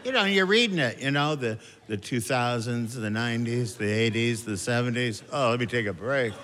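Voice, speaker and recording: A man's voice: mid-range voice, normal speed. A middle-aged man doing a self-deprecating stand-up comedy set, chatty and loose. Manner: self-deprecating, chatty, jumps into shouted character voices. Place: comedy club stage with a live audience. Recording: live club recording with audience noise.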